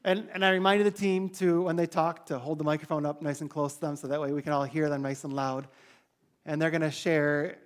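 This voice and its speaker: A man's voice: a little high, brisk. A man leading a church mission team, telling the congregation about the trip in a casual, chatty way on a handheld mic. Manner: chatty, animated when quoting others. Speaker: mission trip leader giving a church report.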